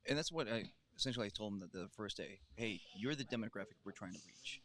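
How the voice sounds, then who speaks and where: A man with a low voice explains things earnestly, often restarting his sentences. He is a commentator talking things over after a show. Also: fast talker, a bit bright. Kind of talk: casual post-show chat.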